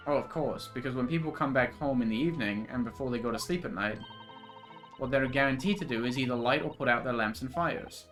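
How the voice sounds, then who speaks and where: An earnest young law student asks careful questions, as a man reads him. The voice is plain and mid-pitched. Light music sits behind it. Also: brisk, fairly bright tone, close to an everyday voice. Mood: curious.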